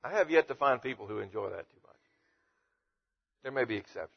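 Lively conversational male preacher. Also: mid-range voice, a little fast, creaky, breathy edge, dull audio. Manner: conversational, reads verses and paraphrases them. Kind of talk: Bible teaching.

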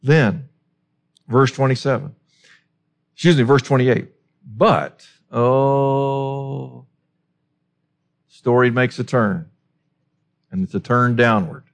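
Guy preaching a sermon, kinda gravelly, emphatic, lots of rhetorical questions. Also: medium pitch, slow pace, long pauses. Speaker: pastor.

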